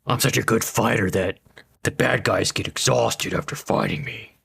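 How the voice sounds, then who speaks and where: A man voicing a gruff male crime-fighter in a joking parody, with a gravelly, whispery growl. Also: on the low side, normal speed, fairly bright tone, a little hiss or hum. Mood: deadpan boasting.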